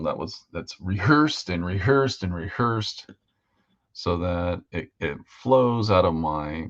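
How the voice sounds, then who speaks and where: A man hosts a live hobby show, rambling easily with fillers as he paints models. His voice sits low, and the highs in the audio are cut off.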